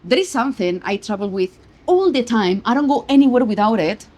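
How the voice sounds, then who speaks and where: A woman's voice: fairly high pitch, expressive, brisk, a little mellow. Chatty Spanish-accented woman vlogger. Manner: chatty, emphatic, tags lines with "okay?". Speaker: photography vlogger. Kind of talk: casual travel gear vlog. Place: travel location.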